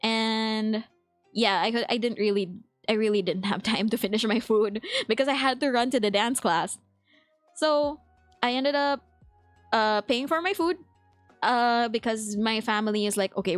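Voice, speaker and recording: A chatty young woman with a Filipino accent, talking casually to her live chat and laughing often. Her voice sits a little high. The sound is dry and close, with faint music playing behind her. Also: no echo. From Philippines. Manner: chatty, quick to laugh, reads chat aloud. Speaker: VTuber streamer.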